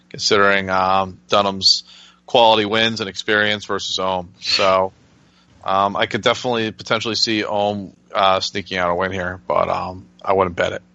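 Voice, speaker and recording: A man's voice: on the low side, pushed and bright, no echo, lo-fi sound. A man hosting a fight-betting podcast, handing the turn to his co-hosts in casual chat. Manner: runs the segment, hands the turn to others. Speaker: podcast host, moderator.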